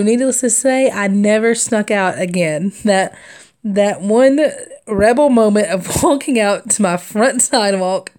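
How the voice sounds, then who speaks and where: A woman's voice: a little high, darkish tone. A young adult woman hosting a craft livestream, chatting casually and rambling through stories with frequent laughter and fillers. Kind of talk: casual storytelling chat while stitching.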